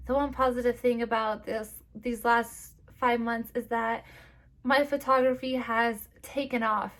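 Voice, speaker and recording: A young woman talking to camera in a personal vlog, tearful and short of breath, halting with fillers and restarts. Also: fairly high pitch, fairly even intonation, a bit bright. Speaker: vlogger.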